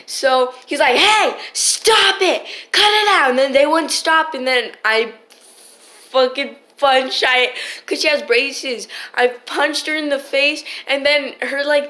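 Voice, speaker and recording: A woman's voice: sits high, a bit bright. A teenage girl telling a rambling, swear-filled storytime into her phone, full of restarts. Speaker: vlogger. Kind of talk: casual storytime.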